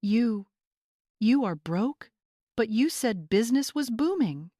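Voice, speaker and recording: A shrill, snobbish middle-aged mother, put on by a woman storyteller, pitched high and indignant. She sounds a little distant, in a dry space. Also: expressive, slow pace, warm tone, dry recording.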